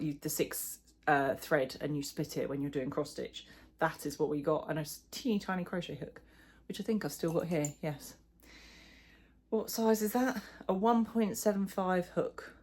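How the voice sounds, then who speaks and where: The crochet vlogger's voice is low with a darkish tone. A middle-aged woman, she rambles through a casual chat, running herself down a bit and leaning on lots of fillers.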